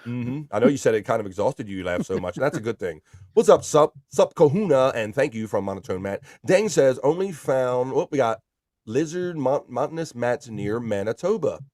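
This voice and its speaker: A man hosts a laid-back livestream, reading out chat messages and greeting viewers one by one. His voice sits at an ordinary middle pitch and sounds close and dry, with no room echo. He talks loosely and swears casually. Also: expressive, moderate pace. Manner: loose and profane, shouting out chatters by name. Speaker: livestream host.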